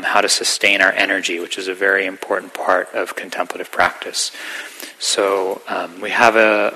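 A middle-aged meditation teacher gives a gentle, reflective dharma talk in a fairly low voice, at times sinking to a whisper. The audio quality is poor.

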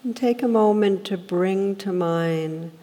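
A woman's voice: mid-range voice, slow, mellow. A woman meditation teacher giving a reflective dharma talk, speaking earnestly and telling stories to make her point. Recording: long hall reverb.

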